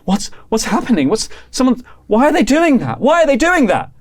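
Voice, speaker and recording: A man voicing a panicking young woman technician in a high, alarmed voice. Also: huge pitch swings, fairly quick, full character voice.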